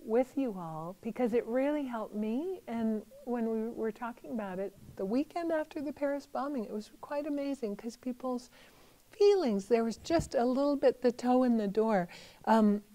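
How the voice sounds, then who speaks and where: A middle-aged woman speaks as a Buddhist teacher in a calm, reflective talk, pausing and searching for words as she goes. Her voice sits fairly high but has a mellow, soft tone. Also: poor audio. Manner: gentle, thoughtful, conversational with fillers.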